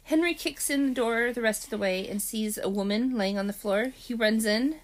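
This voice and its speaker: Co-host, woman, slightly high voice, chatty recap full of ums. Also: normal speed. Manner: chatty, hesitant with frequent ums, animated retelling. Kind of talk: casual chat recapping a TV mystery episode.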